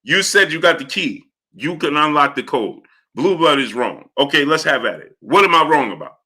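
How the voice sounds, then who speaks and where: A man hosting a live stream, greeting viewers by name and repeating catchphrases in a lively way. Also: fairly high pitch, normal speed. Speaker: live-stream host reading viewer chat. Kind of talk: casual live-stream chat.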